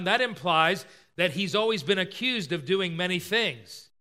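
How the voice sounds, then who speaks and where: A man's voice: high-pitched, expressive, normal speed, pushed and bright. A man preaching a sermon, explaining a scripture passage and acting out the voices of its characters as he retells them. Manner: expository preaching, acts out quoted voices.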